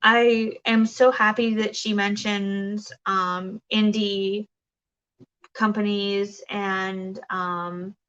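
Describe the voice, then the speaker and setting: A woman's voice: medium pitch, flat delivery, extremely slow, fairly bright tone, clean tone, lo-fi sound. A woman hosting a casual crafting livestream, chatting and reading viewer comments, rambling with many fillers and restarts.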